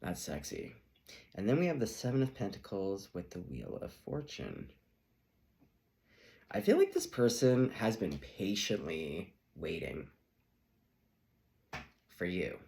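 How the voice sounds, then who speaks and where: Lively low-voiced man giving a tarot reading. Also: slow, vocal fry, pauses often. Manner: playful, chatty, acts out quoted reactions. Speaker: tarot reader.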